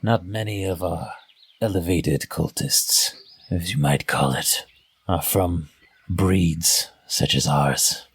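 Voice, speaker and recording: A man voicing a sly, grinning female half-orc cultist who speaks slowly and sneers. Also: creaky, slightly rough, exaggerated voice. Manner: slow, low, sneering.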